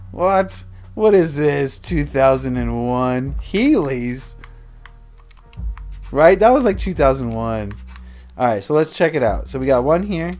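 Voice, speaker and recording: A man's voice: medium pitch, a little mellow. Casual male livestreamer; rambling, self-interrupting chat over faint background music. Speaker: streamer.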